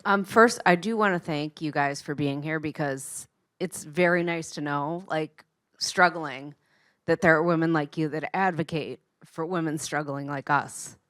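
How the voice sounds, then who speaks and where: A woman's voice: low-pitched, a little slow, fairly bright tone, no room sound, clean studio sound. A woman in the audience asking a panel a question, grateful and earnest. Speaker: audience member.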